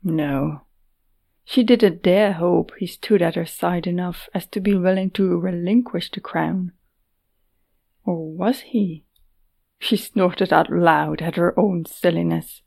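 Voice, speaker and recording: Woman narrator, measured fantasy storytelling, slow pace with vocal fry. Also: on the low side, darkish tone. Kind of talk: audiobook narration.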